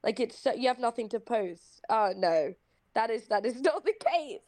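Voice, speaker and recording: A woman's voice: fairly high pitch, lively intonation, moderate pace, a little mellow, no echo. A woman with a slightly British accent, ranting bluntly and profanely in a casual voice chat, often restarting her sentences. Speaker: voice chat participant. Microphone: computer mic in voice chat.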